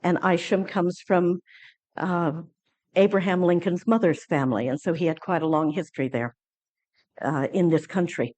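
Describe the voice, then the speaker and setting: A woman's voice: lowish voice, moderate pace. Woman telling a story at a lecture. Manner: animated storytelling, acting out quoted dialogue; frequent fillers and restarts. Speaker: conference speaker. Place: conference lecture hall.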